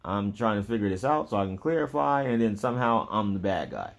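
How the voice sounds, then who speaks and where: A man's voice: lowish voice, expressive, a little fast, gravelly. Man in a rambling casual monologue. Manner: loose, digressive, talks straight to the listener, chuckles between points. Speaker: vlogger.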